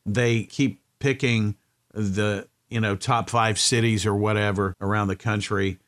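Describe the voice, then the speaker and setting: Male podcast co-host, casual chat, opinionated and lecturing, slightly low voice. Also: fairly even intonation, measured pace, a bit bright.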